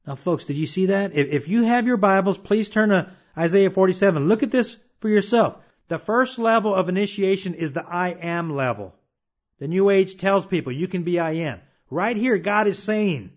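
Man preaching, fairly high voice, emphatic with rhetorical questions, dull lo-fi recording. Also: expressive. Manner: emphatic, slows down to read scripture, rhetorical questions. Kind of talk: sermon. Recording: dull lo-fi sound.

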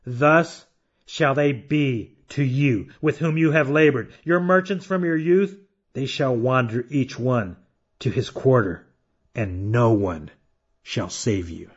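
A man preaching a sermon emphatically, reading scripture slowly and firing off rhetorical questions. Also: mid-range voice, slightly rough. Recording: dull lo-fi sound.

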